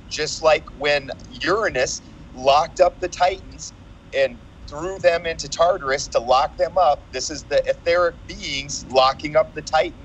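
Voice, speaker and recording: A man's voice: on the high side, a little hiss or hum, poor audio. A man speaking as a podcast guest, explaining myths earnestly in a lecturing way. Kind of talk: casual podcast conversation.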